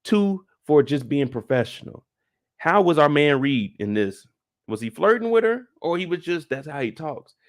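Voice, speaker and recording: Animated, jokey man recapping a show. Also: moderate pace. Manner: animated, jokey, rising to high-pitched excitement. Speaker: live-stream host. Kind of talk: casual live-stream TV recap commentary.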